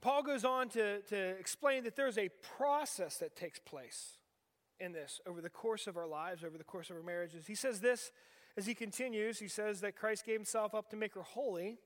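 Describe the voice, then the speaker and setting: A man in his forties from western Pennsylvania, preaching a sermon in a conversational way and asking the audience rhetorical questions. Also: high voice. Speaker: pastor. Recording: long reverb of a large hall.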